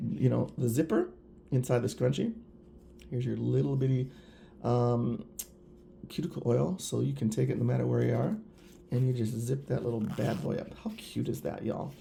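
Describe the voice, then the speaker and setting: A man's voice: medium pitch, vocal fry, dark tone, slight background noise. A man chatting casually and enthusiastically to viewers while reviewing products. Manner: gushing, chatty, addresses viewers directly. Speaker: nail polish reviewer.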